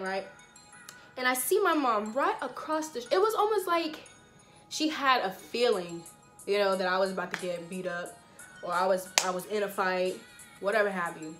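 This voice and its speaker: A woman's voice: on the high side, pushed and bright. A young woman vlogger telling a story casually and animatedly, with lots of slang, talking straight to her viewers.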